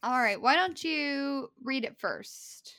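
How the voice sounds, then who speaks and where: A woman from West Virginia with a Midwestern accent, co-hosting a Bible study podcast in casual, animated chat over a video call. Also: high voice, slow pace. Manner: chatty, animated storyteller.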